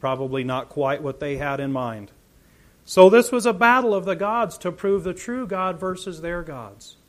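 A man preaching a sermon, animated and full of rhetorical questions, swinging between loud emphasis and quiet asides. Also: high-pitched, moderate pace.

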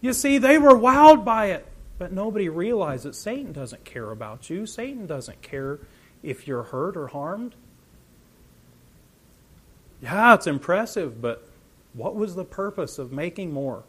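Man, preacher, high voice, animated sermon, rhetorical questions, loud peaks and quiet asides. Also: a little slow, slightly rough.

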